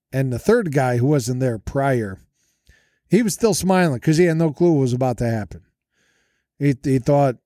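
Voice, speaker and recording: A man's voice: medium pitch, mellow, no echo, clean studio sound. A man hosting a podcast, telling a rambling, self-deprecating story in a casual monologue from a hotel room with makeshift soundproofing. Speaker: podcast host. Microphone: podcast mic through an audio interface.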